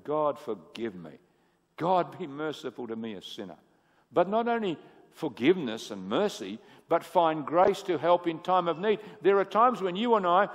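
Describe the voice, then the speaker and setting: A man preaching a sermon. He swings from booming emphasis to hushed asides and asks the audience questions. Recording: echoey hall with long reverb.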